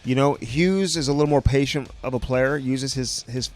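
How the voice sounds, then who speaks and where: A man co-hosting a casual podcast, firing off quick, eager questions. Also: medium pitch, faint music behind. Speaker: podcast co-host. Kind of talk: casual chat.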